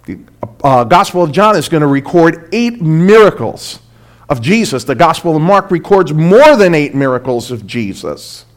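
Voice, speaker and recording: A man preaching a sermon, emphatic, swinging from loud exclamations to hushed, drawn-out lines. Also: fairly high pitch, big pitch swings.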